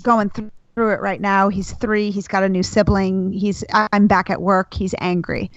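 Chatty mom co-host, dull lo-fi mic. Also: female voice, mid-range voice, flat delivery, measured pace, dry recording. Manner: chatty, laid-back storytelling with fillers. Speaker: podcast co-host. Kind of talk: casual chat. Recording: slightly dull lo-fi sound.

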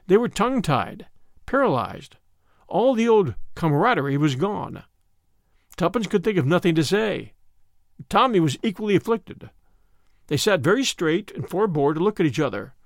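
Animated male story narrator. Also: high voice, no room sound, clean studio sound. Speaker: host and narrator. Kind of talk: scripted audiobook narration.

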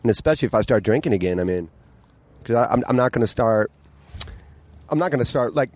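A man's voice: mid-range voice, lively intonation, fast, long pauses, a little mellow. A man talking as a podcast guest in casual chat, candid and blunt, swearing and acting out quotes.

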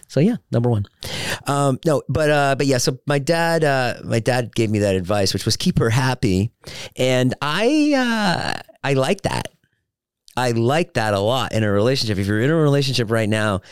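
Male podcast host, low and dry, chatty rambling storyteller. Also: clean tone, no echo. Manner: rambling, joking anecdotes with many fillers. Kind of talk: solo podcast chat.

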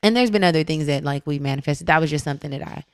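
Lively slangy woman with a lower voice. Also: racing, clear, resonant tone, no echo, studio quality. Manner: animated storyteller, slangy and laughing. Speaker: podcast co-host. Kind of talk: casual spiritual self-help chat.

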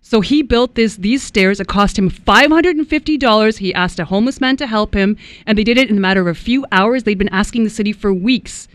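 Brisk Canadian woman co-host. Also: mid-range voice, dry recording. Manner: brisk, storytelling, firm. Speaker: radio co-host. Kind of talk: talk radio chat.

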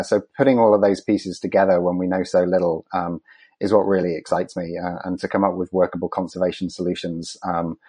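A man with a very deep, low voice answers questions as a conservation expert. He speaks haltingly, filling pauses with ums and uhs and restarting his sentences. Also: a little mellow, slightly rough. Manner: hesitant, many ums and restarts. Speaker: conservation scientist guest. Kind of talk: interview answers.

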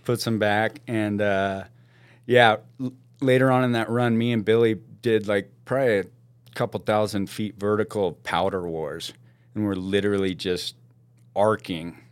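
A man spins a wild tale with real gusto, his voice sitting a bit low. He is slangy and loose, laughing through the story. The recording is close and dry, with no room sound. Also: moderate pace, clear, resonant tone, no echo. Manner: animated, laughs often, slangy, calls people "dude". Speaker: podcast guest. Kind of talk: casual storytelling.

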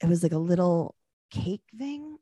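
A woman's voice: lowish voice, normal speed, breathy edge, no room sound, studio quality. A woman co-hosting a podcast, chatting casually and sarcastically as she recaps a TV show. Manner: animated, sarcastic, mimics people in quotes. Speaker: podcast co-host.

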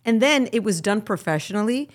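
A middle-aged woman from Miami, a guest actress, chatting casually in an interview and telling animated stories with frequent laughs. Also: mid-range voice, fairly quick. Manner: animated storyteller, laughs often, lively asides.

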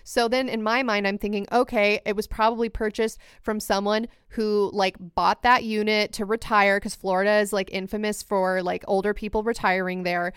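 A woman co-hosting a podcast over a video call, talking in a quick, speculative, casual way with some swearing. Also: medium pitch, flat delivery, clean tone, dry recording, clean studio sound. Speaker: podcast co-host. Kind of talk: casual chat.

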